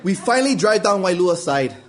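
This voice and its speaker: A man's voice: high voice, very animated, brisk. A man reading a story aloud with a wry, storytelling delivery. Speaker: reader. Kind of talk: spoken-word story reading.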